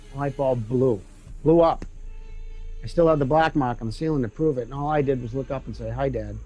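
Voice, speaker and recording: A man's voice: medium pitch, a little mellow, low-quality recording. Conversational male storyteller, reflective, faint music behind. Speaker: interviewee. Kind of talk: personal storytelling.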